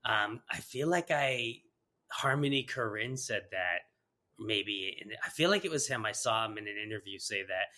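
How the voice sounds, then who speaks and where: A man hosts a casual podcast interview with a bright, forward tone. He rambles loosely through his thoughts, leaning on lots of fillers as he goes. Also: fairly low pitch, lively intonation, moderate pace. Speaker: podcast host.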